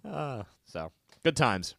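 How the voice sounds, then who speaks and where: A man hosting a trivia podcast in casual chat, telling funny stories and reading questions slowly. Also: medium pitch, creaky, dry recording. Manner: animated storyteller, joking, reads questions slowly. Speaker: trivia quiz host.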